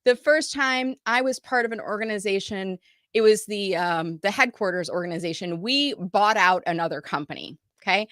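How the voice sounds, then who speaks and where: A woman's voice: medium pitch, moderate pace, fairly bright tone, no echo, clean studio sound. A middle-aged woman from the United States, a marketing business owner, telling her career story in a live online talk and acting out the dialogue she quotes.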